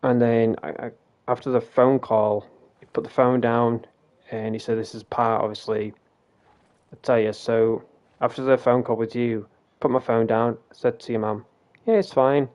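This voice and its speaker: A man's voice: mid-range voice, fairly even intonation, moderate pace, darkish tone. A man casually telling a ghost story during a game stream, rambling, swearing freely and acting out what people said. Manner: rambling, swears freely, retells quoted dialogue.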